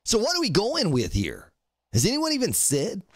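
A man's voice: high-pitched, wildly swooping pitch, normal speed, a little hiss or hum. A man live-streaming a survival game, chatting casually, joking and greeting viewers in the chat by name.

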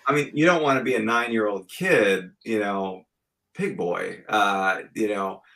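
A man in his forties with a low, gravelly voice, chatting on a podcast. He speaks earnestly and reflectively, working through his thoughts as he goes. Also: unhurried, a bit bright, low-quality recording. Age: 40s. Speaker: podcast guest co-host. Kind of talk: casual podcast chat.

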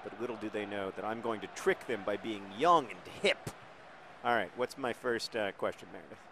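A man giving casual, rambling gameplay commentary with jokey deadpan asides. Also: lowish voice, brisk, slight background noise. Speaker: video game commentator.

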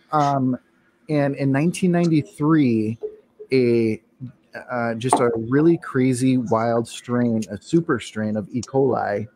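A man co-hosting a casual podcast, telling a long story with many ums and pauses. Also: medium pitch, warm tone, a little hiss or hum. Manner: hesitant, many ums, laughs often. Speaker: podcast co-host. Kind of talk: casual chat, rambling anecdote.

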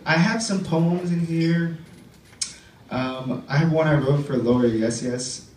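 A man's voice: on the high side, measured pace, a little mellow. A man doing rambling stand-up stories and spoken-word poems at an open mic, full of loose "like"s and "uh"s. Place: club stage before a live audience. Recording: roomy live room, distant mic, faint background noise.

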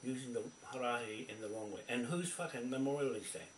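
A man's voice: mid-range voice, brisk. Angry New man, profane confrontational rant, echoey room, off-mic. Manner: furious, swearing constantly, confrontational. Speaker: video poster. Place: indoors at a computer. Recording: roomy, distant from mic, faint background noise.

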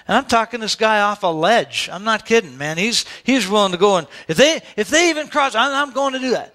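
Male pastor with a high voice, storytelling sermon with a chatty delivery, church setting. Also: animated, fairly quick, few pauses, fairly bright tone. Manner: conversational storytelling, with asides to the congregation.

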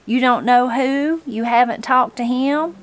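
A woman's voice: high-pitched, measured pace, pitched above the performer's own voice. Woman reading as a fierce old mountain granny. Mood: firm. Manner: plain-spoken, stubborn.

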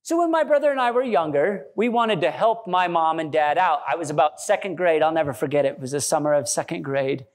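A man pastor delivering a sermon in a church, animated and joking, acting out quotes. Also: on the high side, fairly quick, hardly any pauses. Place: church sanctuary.

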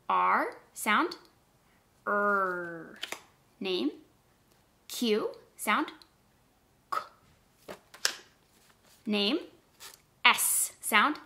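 A woman teacher leading a phonics lesson for young children, speaking slowly and clearly and encouraging her class. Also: a little high, sharp tone, slight background noise. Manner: slow, clearly paced, encouraging.

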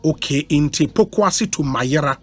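At a moderate pace, the Ghanaian man hosts a radio talk show on a studio microphone, his voice on the high side. Blending Twi with English, he reads out listeners' messages, animated and laughing as he goes.

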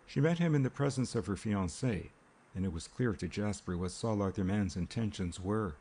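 A man narrating an audiobook in an even, unhurried storytelling manner. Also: lowish voice, slightly rough. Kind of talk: scripted narration.

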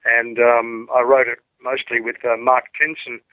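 A man's voice: medium pitch, flat delivery, unhurried, no room sound. A man in his sixties with an Australian accent, a rock singer giving an interview, talking in a laid-back, rambling way with many fillers and restarts. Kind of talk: casual interview chat. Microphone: telephone. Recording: dry tinny phone line.

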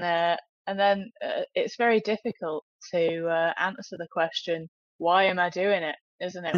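A woman's voice: lowish voice, no room sound. A woman co-hosting a comedy podcast, laughing easily and playing along with the jokes. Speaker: podcast co-host. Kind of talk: casual comedic podcast chat. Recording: dull, dry sound.

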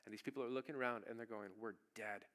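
A man's voice: medium pitch, fairly even intonation, racing. Conversational preacher man in a sermon. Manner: conversational storytelling with sudden loud bursts. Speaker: pastor. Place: church sanctuary.

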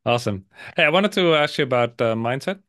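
A man's voice: medium pitch, animated, normal speed, fairly bright tone. Enthusiastic male host. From Netherlands. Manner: enthusiastic, filler-heavy, laughs often. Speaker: podcast host. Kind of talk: casual interview.

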